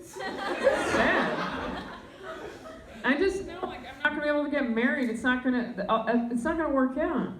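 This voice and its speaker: A young woman doing stand-up comedy, talking in a low, deadpan voice with deep tones. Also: fast talker, few pauses, roomy sound, distant mic, rough recording. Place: comedy club stage.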